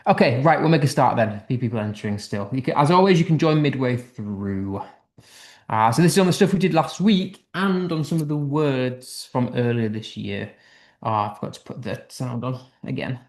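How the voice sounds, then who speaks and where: A man's voice: mid-range voice, expressive, normal speed. A man with a British accent teaching an online English class, upbeat and thinking aloud as he reads out quiz answers. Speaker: English tutor.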